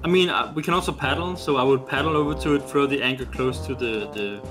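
A man's voice: medium pitch, fast talker, music in the background. A man playing a game with a friend, joking around and explaining how things work in casual chat. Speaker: co-player. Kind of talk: casual let's-play chat.

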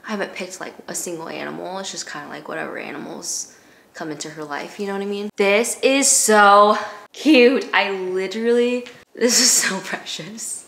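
A young adult woman chatting at home in a casual vlog, gushing excitedly and filling her talk with fillers. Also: lowish voice, fairly quick, vocal fry. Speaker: vlogger. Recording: roomy echo, faint noise.

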